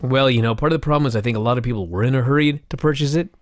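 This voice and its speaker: Racing along at medium pitch, this wrestling podcast co-host swears freely as he tells the story with animated passion. It's a casual review chat, captured in studio quality without any echo.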